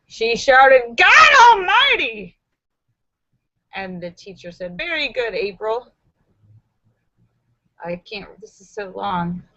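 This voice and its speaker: Bright, theatrical woman hosting a live stream. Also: fairly high pitch, no echo. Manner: theatrical, jumps into voices and shrieks for punchlines; chatty asides while reading, laughs often. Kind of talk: reading viewers' jokes aloud on a live stream. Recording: dull lo-fi dry sound.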